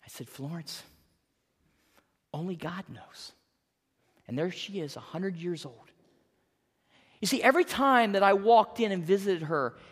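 A pastor in their fifties preaching a sermon in an earnest, animated way, often repeating words. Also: medium pitch, in a large hall. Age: 50s.

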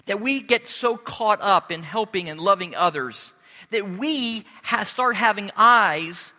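A man preaching a sermon as pastor, earnest and deliberate, pausing and restarting as he speaks. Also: high-pitched, bright, forceful tone, big-room sound.

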